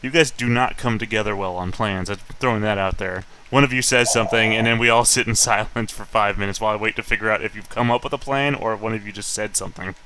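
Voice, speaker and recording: A man's voice: lowish voice, fast, few pauses, pushed and bright, slight background noise, rough recording. A man narrating as game master of a tabletop game, teasing the players with dry, wry remarks.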